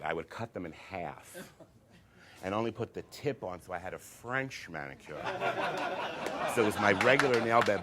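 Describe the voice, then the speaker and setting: A man doing comedic storytelling, campy and animated, acting out voices. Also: on the low side, heavy background noise.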